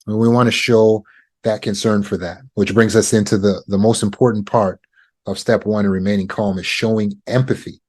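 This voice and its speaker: A man with a somewhat low voice teaches, steady and unhurried. He speaks in a calm, measured way and lets his phrases settle with deliberate pauses. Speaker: trauma recovery coach. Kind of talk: teaching talk on negotiation.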